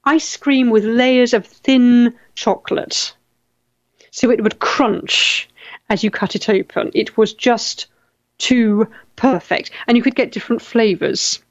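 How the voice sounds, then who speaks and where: A woman's voice: a little high, takes it slowly, dry recording, lo-fi sound. A middle-aged English woman hosting a casual chat, reading out viewer comments and often repeating her words. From England.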